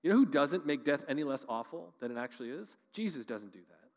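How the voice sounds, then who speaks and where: A man's voice: fairly high pitch, expressive, quick pace, long reverb tail. A man preaching a sermon as pastor, earnest and conversational, building to emphatic rises.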